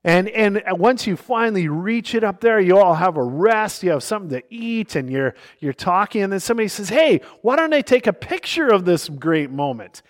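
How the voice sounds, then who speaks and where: A male pastor delivers a sermon in a noticeably high voice. He reads scripture passages aloud and moves into illustrative stories. His delivery swings between hushed moments and emphatic stresses. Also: expressive, normal speed, hardly any pauses.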